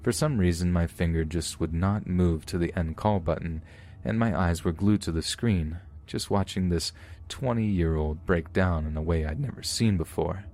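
Deep-voiced man narrating horror stories. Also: normal speed, darkish tone. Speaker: podcast narrator. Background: faint music.

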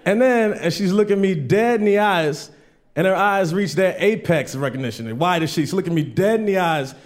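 On a comedy stage before a live audience, a man with a high voice and lively intonation talks a little fast. His stand-up set is built on stories, with other people's voices acted out in raised tones.

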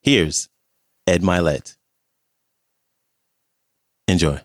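A man hosting a podcast, giving a measured, unhurried introduction to the episode. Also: sits low, no echo, clean studio sound. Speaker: podcast host.

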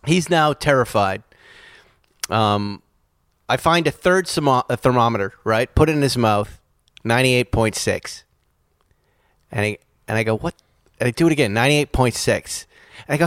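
A man's voice: mid-range voice, normal speed, pauses often, no room sound, clean studio sound. Self-mocking man telling a story. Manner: animated, self-mocking, laughs while telling. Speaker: podcast co-host. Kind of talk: casual chat, storytelling.

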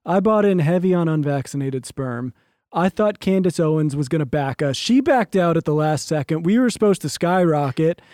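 High-voiced joking podcast co-host. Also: male voice, normal speed, no echo, clean studio sound. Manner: joking, deadpan bits. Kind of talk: casual comedic chat.

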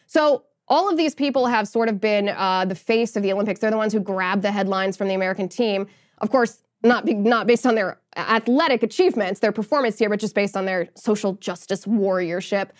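A woman's voice: mid-range voice, a little fast. A woman hosting a political podcast, giving indignant, sarcastic commentary. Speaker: podcast host.

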